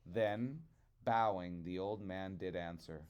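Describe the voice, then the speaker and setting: Man reading a storybook aloud, slow pace, expressive, rhythmic. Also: medium pitch, clean tone.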